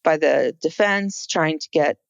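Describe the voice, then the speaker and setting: A woman's voice: sits low, measured pace, gravelly, smooth, dry recording, muffled recording. A woman co-hosting a podcast, talking casually about a court case, with many fillers and restarts. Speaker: podcast co-host.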